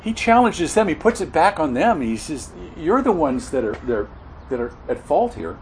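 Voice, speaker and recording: A man preaching an expository sermon, earnest and halting, often repeating words and correcting himself mid-sentence. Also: on the high side, big pitch swings, a little mellow, slight background noise, poor audio. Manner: earnest expository teaching, stresses key words.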